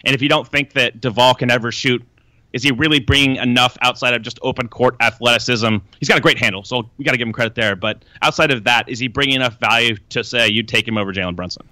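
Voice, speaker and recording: A man who is a guest draft analyst on a podcast, talking casually and in fast detail about players. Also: medium pitch, pushed and bright, dry recording. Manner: fast, detailed scouting talk. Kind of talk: casual basketball draft chat.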